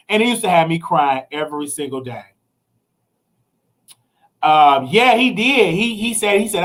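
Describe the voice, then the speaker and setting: A man hosting a casual live stream, talking straight to his viewers, animated and swinging between excited highs and low, serious storytelling. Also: normal speed. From United States. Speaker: livestream host.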